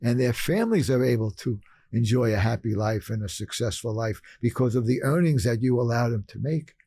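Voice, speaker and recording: A man's voice: mid-range voice, animated, a little fast, mellow, breathy edge, no room sound. An older man from Brooklyn, telling stories emphatically as a podcast guest and repeating phrases for effect. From Brooklyn, New York. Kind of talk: storytelling interview talk.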